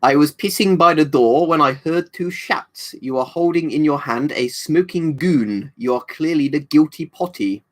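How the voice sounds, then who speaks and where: A man voicing a bumbling English male policeman who poses as French and mangles his vowels into rude slips. He speaks slowly. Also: a little high, voice pushed up, lightly acted. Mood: deadpan.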